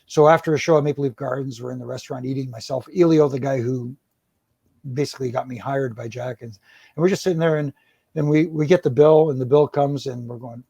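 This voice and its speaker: A man's voice: mid-range voice, fairly quick, gravelly, dark tone, breathy edge, no room sound. A middle-aged man, a former wrestling referee, tells rambling stories in an interview, restarting his sentences and chuckling. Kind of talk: storytelling in an interview.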